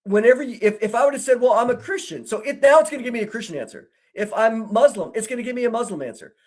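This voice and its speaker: A man co-hosting a discussion, telling an animated story and acting out the dialogue he quotes. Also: very high-pitched, fast. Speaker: co-host. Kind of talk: conversational discussion.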